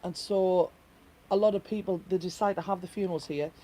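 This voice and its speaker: A woman's voice: lowish voice, fairly even intonation, a little fast, mellow, a little hiss or hum. A middle-aged woman co-hosting a casual home live stream, chatting and teasing in easy banter. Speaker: co-host.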